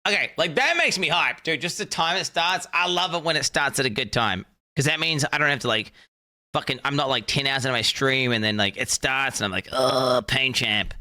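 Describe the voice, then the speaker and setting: A young man reacts live on his stream, thinking out loud and circling back over the same points. His voice is bright and forceful, and he swears casually as he goes. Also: mid-range voice, brisk. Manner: excitable, thinks aloud, repeats himself, swears casually.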